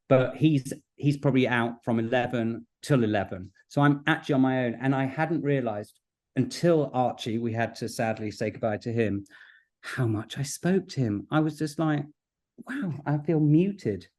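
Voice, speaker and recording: Man, a podcast guest, animated and giggly, mid-pitched everyday voice. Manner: chatty, quick to laugh, animated storytelling. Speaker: guest broadcaster. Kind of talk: casual chat.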